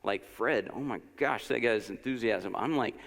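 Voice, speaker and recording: A man's voice: mid-range voice, moderate pace, creaky, a bit bright. A man giving a casual, conversational sermon at a church service, encouraging and full of personal anecdotes and asides. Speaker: lesson speaker at a church service. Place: church sanctuary. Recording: long church-hall reverb.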